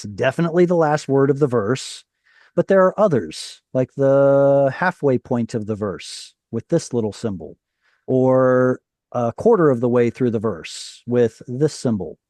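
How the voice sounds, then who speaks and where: Mellow-voiced man teaching an online class. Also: medium pitch, unhurried, dry recording. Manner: explanatory, questioning students, self-correcting. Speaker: Hebrew teacher. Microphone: video call.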